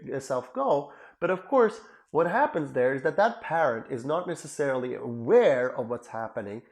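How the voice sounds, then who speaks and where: A male psychotherapist giving an educational talk in an animated, emphatic way, repeating phrases for emphasis. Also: medium pitch. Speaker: psychotherapist and lecturer.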